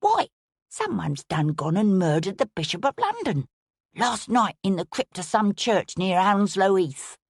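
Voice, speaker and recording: A woman voicing a cheeky young servant boy with a rough, lower-class way of talking. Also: sing-song, unhurried, dry recording, studio quality, exaggerated voice. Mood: defensive, eager.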